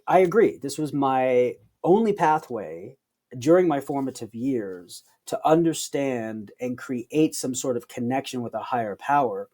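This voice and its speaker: A man's voice: mid-range voice, mellow. A man, a psychologist guest on a podcast, explaining his views in a thoughtful, reflective way. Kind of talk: conversational interview.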